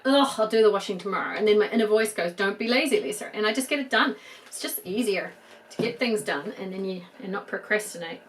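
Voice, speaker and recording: A middle-aged woman with a New Zealand accent, chatting casually as she dresses a doll, soft and gushing with murmured asides. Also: mid-range voice, low-quality recording. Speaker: doll collector. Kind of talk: casual show-and-tell chat.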